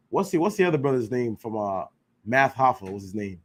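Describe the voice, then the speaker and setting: The teacher of an informal scripture class, this man has a middle-pitched voice and a very animated, brisk delivery. His style is slangy and emphatic, packed with rhetorical questions, and he keeps asking "you know what I'm saying" to confirm his listeners are with him.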